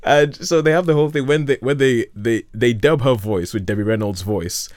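A man's voice: medium pitch, normal speed, darkish tone, no room sound, clean studio sound. A man chatting casually about films as a host, enthusiastic and rambling, with frequent restarts. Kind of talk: casual film chat.

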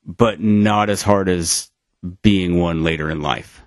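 A man's voice: deep voice, takes it slowly, no echo, studio quality. A man co-hosting a podcast in casual chat, rambling with many fillers and restarts over a remote call. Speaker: podcast co-host.

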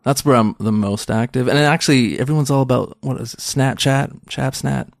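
A man's voice: medium pitch, fairly even intonation, a little fast, vocal fry, dry recording, studio quality. A man in his thirties, a stand-up comedian, chatting in an interview in a rambling, self-deprecating way full of restarts. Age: 30s. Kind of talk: casual interview chat.

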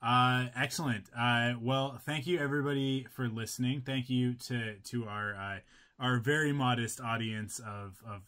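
A man's voice: medium pitch, steady tone, moderate pace, sharp tone. A man hosting a podcast, signing off in a loose, rambling way with lots of fillers. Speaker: podcast host. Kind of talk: casual podcast chat.

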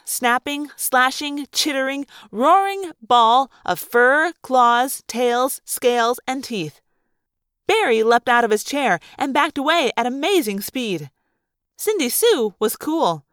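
A woman reading a first-person novel aloud in a dramatic, animated way. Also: high-pitched, slow pace, smooth, dry recording, clean studio sound. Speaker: audiobook reader. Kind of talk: first-person audiobook narration.

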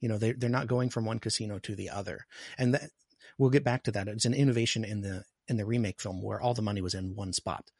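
Husky-voiced man talking movies. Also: fairly low pitch, fairly even intonation, fast, darkish tone, dry recording, studio quality. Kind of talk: casual film discussion.

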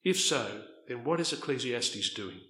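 A man preaching a sermon, swinging between loud, stressed points and quiet, soft asides. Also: medium pitch, animated, unhurried, echoey room.

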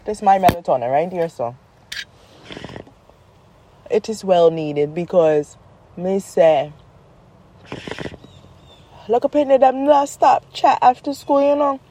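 A woman's voice: medium pitch, slow, long pauses, slight background noise. A woman tells rambling, joking stories about her children in a casual vlog. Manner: rambling, joking, animated retelling. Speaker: mother, vlogger.

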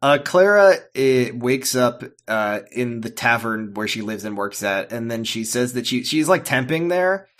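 A man's voice: mid-range voice, expressive, fairly bright tone. A man co-hosting a podcast, rambling and exasperated as he recaps a TV episode. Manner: rambling, exasperated, halting with fillers. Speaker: podcast co-host. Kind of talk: casual chat recapping a TV episode.

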